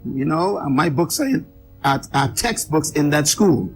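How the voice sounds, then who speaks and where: A man's voice: on the high side, expressive, moderate pace, creaky, faint music behind. A man, an author and guest speaker, telling a personal story in an interview with emphatic, dramatic delivery. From Bahamas.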